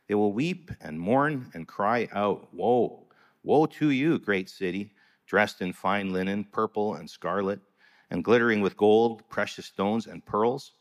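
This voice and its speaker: A man reading a long scripture passage aloud in a church service, solemn and rising to proclamation on the quoted cries. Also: fairly low pitch. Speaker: scripture reader.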